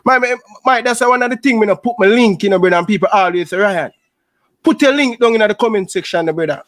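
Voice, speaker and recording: A man's voice: high voice, quick pace, fairly bright tone, dry recording. A man with a Jamaican accent hosting a YouTube show, venting in heated casual chat and saying "brother" again and again. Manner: aggrieved, repeats "brother" often.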